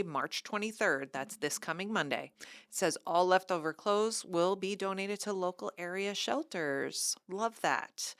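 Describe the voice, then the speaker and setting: A woman's voice: fairly low pitch, a bit bright, dry recording, clean studio sound. A woman co-hosting a library podcast, reading event announcements with bubbly, enthusiastic asides in casual chat.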